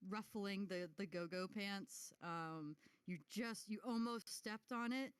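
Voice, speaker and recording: A woman narrating as game master in a halting, giggly way with lots of fillers. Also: mid-range voice, clean tone, no echo.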